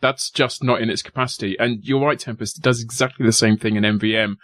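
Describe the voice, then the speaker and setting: Relaxed male podcast host. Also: mid-range voice, fast talker. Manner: relaxed, explanatory, chatty. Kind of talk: casual podcast chat.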